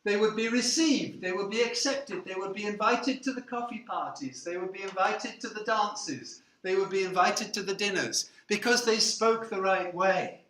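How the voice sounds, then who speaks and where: A man's voice: sits high, moderate pace, few pauses, a bit bright, echoey room. A man in his seventies with an English received pronunciation accent, giving a classroom lecture and often checking in with "okay?". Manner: checks in with "okay?", slips in foreign words. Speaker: university lecturer.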